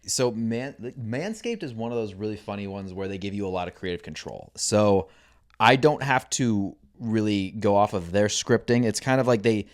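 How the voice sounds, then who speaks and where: A young man talks casually as a podcast guest, his voice sitting fairly low. He tells stories in an animated way and acts out the voices of the people in them. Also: normal speed. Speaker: podcast guest, content creator. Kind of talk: casual chat.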